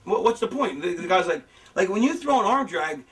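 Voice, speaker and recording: Middle-aged guy rambling and cussing about wrestling, highish voice, sounds kinda far from the mic. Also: a little fast. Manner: animated, acts out fan reactions in a higher voice. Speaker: former wrestler talking about booking. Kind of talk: casual rambling storytelling with profanity.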